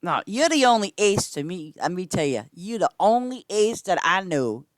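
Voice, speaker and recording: A woman's voice: normal speed, dry recording. Chatty woman streamer, dry close sound. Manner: chatty, rambling, repeats "I'm just saying"; lively swings in pitch and loudness, sometimes whispering. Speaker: game streamer. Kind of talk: casual gameplay chat with viewers.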